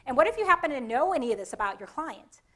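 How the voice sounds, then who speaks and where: Presenting a conference workshop, this Connecticut-accented woman speaks high and fast. She keeps it conversational and energetic, regularly turning questions to the audience.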